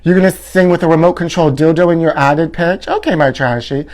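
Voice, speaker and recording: A campy man hosts a live tabloid gossip stream from home, his voice sitting a touch high for a man. He reads viewer comments aloud with theatrical flair and drops "honey" all the time. The talk runs loose and chatty, with plenty of restarts. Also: expressive, fairly quick, a little mellow. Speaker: host.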